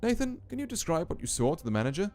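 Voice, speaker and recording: A solemn, otherworldly female keeper of a graveyard, as a man voices her in a game stream. She speaks in a slow, ominous hush with a faint Scottish lilt, her pitch climbing and swooping. Quiet game music plays behind her. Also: sing-song. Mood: eerie. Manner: slow, deliberate, ominous storytelling.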